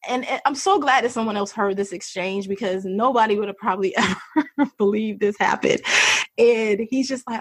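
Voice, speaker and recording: A woman's voice: medium pitch, normal speed, dry recording. A woman guest candidly telling a personal story, chatty, laughing often and acting out what people said. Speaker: podcast guest.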